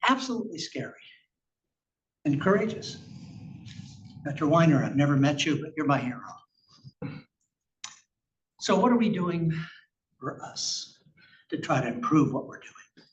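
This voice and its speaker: Speaking unhurriedly and leaving long pauses, a man with a fairly high, expressive voice presents clinical research at a conference, slides in hand. His delivery is conversational and emphatic, punctuated by rhetorical questions. The conference-room recording comes across distant, muffled and echoey, with faint noise.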